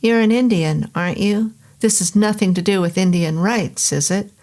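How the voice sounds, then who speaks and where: A woman's voice: medium pitch, moderate pace, mellow, close to an everyday voice. A woman voicing an irritable, pompous middle-aged male professor with a New England accent, talking down in a lecturing way. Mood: probing. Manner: lecturing, condescending.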